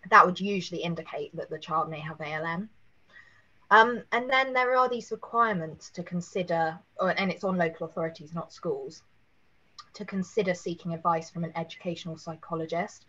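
A woman, hoarse after a cold, giving a careful webinar presentation with many fillers. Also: fairly low pitch, bright, forceful tone, dull audio. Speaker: legal presenter.

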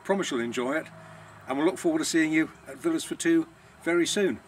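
A man's voice: a little high, a little fast, slight background noise. A man, the owner of a villa rental business, chatting casually on a vlog in a self-deprecating, savouring way.

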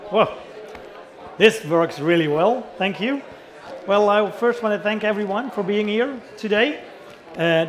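A middle-aged man with a Dutch accent giving a chatty conference talk, asking the audience questions and joking about himself. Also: high-pitched. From the Netherlands. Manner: chatty, self-deprecating, engages audience with questions. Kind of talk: conference presentation. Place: conference hall.

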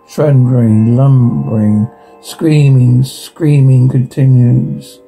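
A man with a gravelly, mellow voice reads a horror episode's transcript aloud and lists its sound cues in a flat, even voice. Faint music plays quietly underneath. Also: mid-range voice, unhurried, rough recording. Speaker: narrator.

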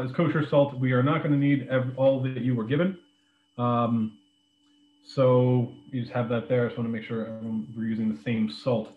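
A man leading a live online drink-making class, explaining ingredients in a relaxed way with lots of ums and uhs. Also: mid-range voice. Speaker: beverages director teaching a cocktail class. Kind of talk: live online cooking demonstration. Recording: echoey room over a phone-like line.

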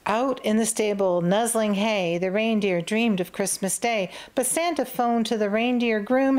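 A woman's voice: mid-range voice, measured pace, few pauses, darkish tone. A mother reading a rhyming picture book aloud to children with a rhythmic, sing-song delivery.

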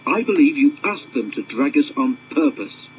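A man's voice: mid-range voice, sing-song, moderate pace, dull audio, slight background noise, lightly acted. A man voicing a stern engine driver who scolds in a cross manner.

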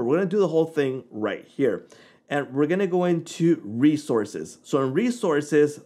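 A man hosting a software tutorial, talking in a relaxed, informal way as he clicks through the steps. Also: medium pitch. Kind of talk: casual screen-recording walkthrough.

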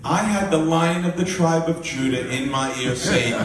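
A man's voice: mid-range voice, steady tone, measured pace, long pauses, a little hiss or hum. A man in his sixties, a minister, telling his life story with animation, acting out the dialogue and laughing often. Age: 60s. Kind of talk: testimony storytelling. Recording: echoey room, voice from a distance.

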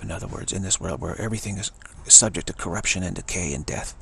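A man's voice: deep voice, quick pace, fairly bright tone, a little hiss or hum. A man giving an emphatic spiritual talk, often repeating and restarting words. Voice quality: gravelly and husky. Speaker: spiritual teacher.

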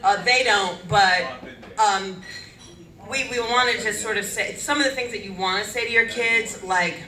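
A woman's voice: mid-range voice, moderate pace, pushed and bright, far from the mic. A woman from upstate New York co-hosting a comedy panel, telling self-mocking stories. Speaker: comedy show co-host. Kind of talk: casual comedic panel chat. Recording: echoey live venue, mic from afar, crowd.

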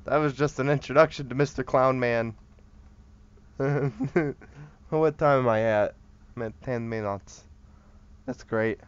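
A man's voice: medium pitch, takes it slowly, pauses often, clean tone, dull audio. A man giving casual, joking commentary while playing a horror game, rambling and chatting to the things on screen. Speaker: horror game let's-player.

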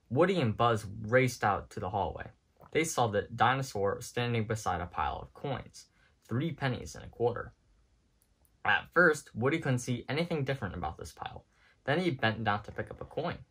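A man narrating a children's storybook with animated, expressive storytelling. His pitch moves freely through each sentence, and his voice carries a slight husky edge at a middling pitch. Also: normal speed. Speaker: storybook reader. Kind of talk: children's storybook read-aloud.

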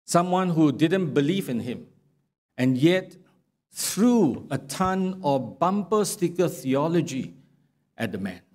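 A man preaching a sermon in a church, speaking in a slow, measured way and reading scripture aloud with sarcastic emphasis. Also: on the high side, lively intonation, a little mellow. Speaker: pastor. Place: church sanctuary.

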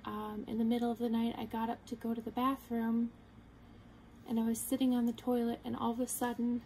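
A young woman earnestly telling a personal story to the camera, halting and quoting her own thoughts. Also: a little high, mellow, a little hiss or hum, poor audio. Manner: earnest, halting, retelling with quoted inner thoughts. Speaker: vlogger.

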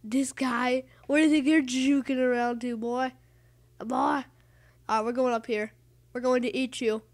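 A woman giving casual, rambling gameplay commentary, excitable and calling out to rival players. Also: high-pitched, moderate pace. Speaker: gaming channel host.

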